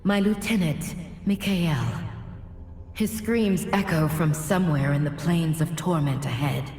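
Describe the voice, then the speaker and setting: A woman's voice: sits low, unhurried, a little mellow. An actress voicing a solemn, ancient female angel in a game, speaking in a grave and formal way. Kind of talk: game cutscene voice acting. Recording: reverberant hall with faint music.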